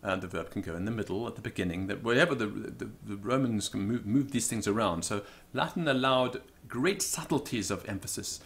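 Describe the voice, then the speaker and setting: A man giving an informal spoken lesson, thinking aloud with many ums and slowing down to stress each example. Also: on the low side, gravelly, fairly bright tone. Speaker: Latin teacher.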